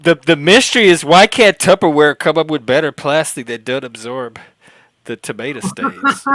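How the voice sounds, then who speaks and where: A man's voice: a little high, animated, moderate pace, fairly bright tone, no echo. A man hosting a panel chat, laughing often, teasing guests and reacting to the live chat. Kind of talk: casual chat.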